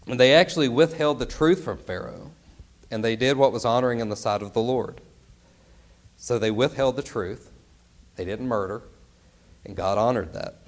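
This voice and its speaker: A man preaching a sermon in an earnest, emphatic way, often turning to his listeners with rhetorical questions. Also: mid-range voice.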